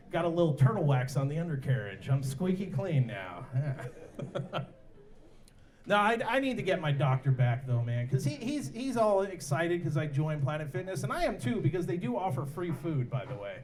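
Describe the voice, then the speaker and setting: A man performing a stand-up comedy set at a bar, telling stories and jumping into voices for the people in them. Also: moderate pace. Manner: animated, jumps into high-pitched voices for other characters. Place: bar and grill comedy night.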